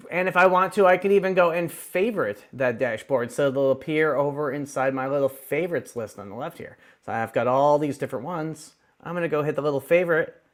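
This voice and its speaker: A man hosting a screen-share software tutorial, his voice sitting a little high for a man. He talks in a chatty, upbeat way, tossing in playful asides as he clicks through. He is close on a desk microphone. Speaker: tech tutorial host.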